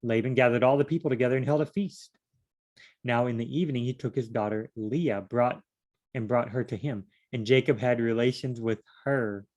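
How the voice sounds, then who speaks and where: A man reading scripture aloud and commenting on it in a relaxed, chatty way, often wandering into asides and restarting his sentences. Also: medium pitch, moderate pace, muffled recording. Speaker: Bible study vlogger.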